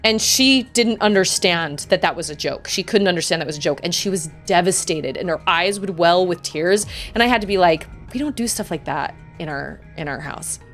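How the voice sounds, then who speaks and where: A woman's voice: fairly low pitch, moderate pace, few pauses, a bit bright, soft background music. A woman in her thirties chatting casually while streaming a game, telling family stories and acting out quoted voices. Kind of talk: casual gameplay chat.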